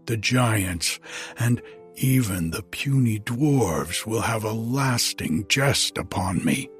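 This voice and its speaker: A man voicing a mighty, angry thunder god who roars his words slowly in a storybook reading. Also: fairly low pitch, expressive, faint music behind. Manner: roaring, slow and forceful.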